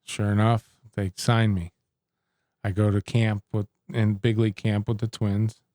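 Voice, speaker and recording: A middle-aged man with a low, mellow voice tells stories from his playing days, slipping into the voices of the people he quotes. The recording is dry and close. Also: unhurried, no room sound. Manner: animated storyteller who acts out quoted exchanges. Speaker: interview guest, former baseball pitcher. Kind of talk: casual storytelling interview.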